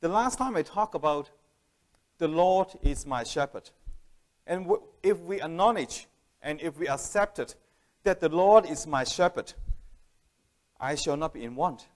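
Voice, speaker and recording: A man's voice: a little high, lively intonation, normal speed. A man preaching a sermon in a plain, conversational way, telling a family story and often restarting his sentences. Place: church hall.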